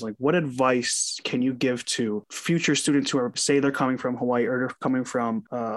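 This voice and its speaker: Young male student interviewer, halting. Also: medium pitch. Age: young adult. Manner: loose and halting, many fillers, drawn-out questions. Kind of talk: casual interview questions.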